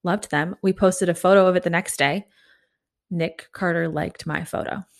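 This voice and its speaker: A woman in her thirties hosting a solo podcast, telling a story in a breathless, animated way. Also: lowish voice, normal speed, creaky. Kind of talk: casual storytelling monologue.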